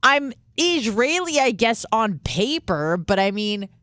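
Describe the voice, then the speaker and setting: A woman's voice: a little high, big pitch swings, slow pace, a bit bright, dry recording, studio quality. A woman in her thirties from the United States hosting a radio show, telling rambling stories with lots of swearing and quoted asides. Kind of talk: casual radio monologue.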